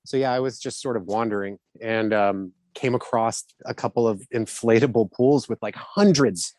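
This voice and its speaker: Lively middle-aged man telling stories, dry sound. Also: mid-range voice, normal speed, dry recording. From Southern United States. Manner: animated, laughing storyteller. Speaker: actor guest. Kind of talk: casual interview storytelling.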